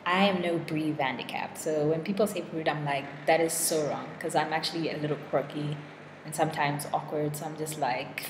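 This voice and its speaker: A woman's voice: low-pitched, steady tone, a little fast. A young woman in a casual vlog monologue, chatty and self-deprecating, full of fillers and restarts. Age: young adult. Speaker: vlogger. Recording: echoey room with long reverb and clear noise.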